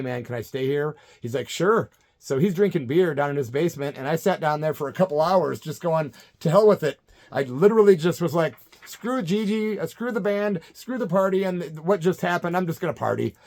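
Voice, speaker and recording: A middle-aged man telling a story from his youth in a casual, animated way, acting out other people's lines. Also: a little high. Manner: animated, acts out quoted voices, swears casually. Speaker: punk vocalist telling a story.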